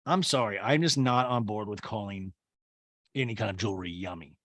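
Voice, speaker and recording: A man hosting a comedic podcast recap of a reality show, snarky and animated, with quick asides. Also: lowish voice, dry recording. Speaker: podcast host.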